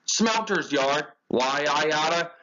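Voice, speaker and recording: A man voicing a proud, quick-tempered old male steam engine who defends himself, in a dull lo-fi recording. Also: on the high side, lively intonation, bright, forceful tone, heavily acted. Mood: indignant. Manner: indignant and defensive.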